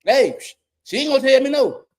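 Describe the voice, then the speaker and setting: A man's voice: very high-pitched, expressive, a little fast. A middle-aged man, a YouTube commentator giving a blunt, profane rant and repeating his points for emphasis. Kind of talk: ranting monologue.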